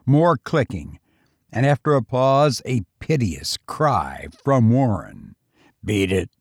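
Slow, grave male horror narrator. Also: medium pitch, sing-song, breathy edge, no echo, clean studio sound. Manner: slow, grave, measured reading. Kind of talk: scripted narration of a gothic horror tale.

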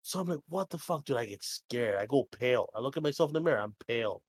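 A man's voice: medium pitch, expressive, fast talker, husky, no room sound. Casual young man, dry close sound. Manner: rambling, swears freely, acts out both sides of dialogue. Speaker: podcast co-host. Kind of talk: casual podcast chat.

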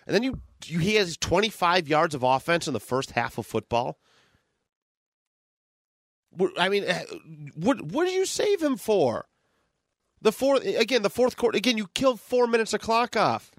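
A sports podcast co-host, a man with a fairly high voice, rants in frustration with plenty of swearing. He sounds close and dry, with no room around him. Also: sing-song, normal speed, no echo. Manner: frustrated ranting, profane. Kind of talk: casual sports podcast chat.

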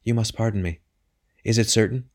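A young gentlewoman, shaken but holding herself together, quiet and halting, as a man reading aloud puts her on. Her voice sits higher than the reader's own low tone. It is a restrained storybook reading. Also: fairly even intonation, close to an everyday voice.

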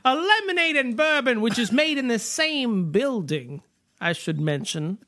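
A woman's voice: on the high side, sing-song, measured pace, fairly bright tone, no room sound, studio quality. A woman putting on a sweaty, pompous male courtroom lawyer with a drawling, hesitant delivery full of uhs. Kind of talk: comic podcast impression.

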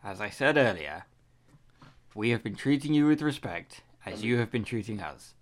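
A man role-playing at a game table, firm and formal as he presses his point. His pitch is lively and moves a lot. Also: moderate pace. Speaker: player. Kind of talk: in-character role-play.

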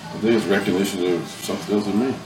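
A man's voice: on the low side, racing, far from the mic. A man hosting a casual chat, telling a rambling, profane story with bursts of laughter. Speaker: podcast host. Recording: echoey room, mic from afar, music behind.

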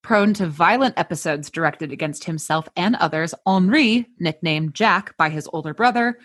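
A woman's voice: low-pitched, moderate pace, fairly bright tone. Playful woman host telling a story. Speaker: podcast host. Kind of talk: casual chat and scripted storytelling.

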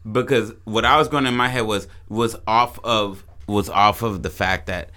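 A man co-hosting a podcast in casual chat, joking crudely and pitching ideas with restarts. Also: steady tone, normal speed, bright, forceful tone. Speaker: podcast co-host.

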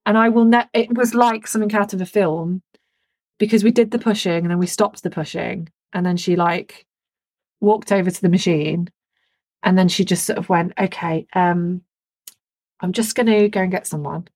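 A woman telling a story on a podcast, frank and animated, with a soft, breathy edge to her voice. She swears freely and keeps the chat casual. The sound is dry and close. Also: medium pitch, moderate pace, no echo. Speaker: podcast co-host.

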